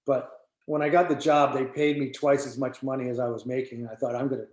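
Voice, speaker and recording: Animated older man telling stories in an echoey room. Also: medium pitch, quick pace. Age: 60s. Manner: animated storyteller who acts out quoted dialogue. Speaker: winemaker hosting a tasting. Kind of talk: storytelling at a wine tasting.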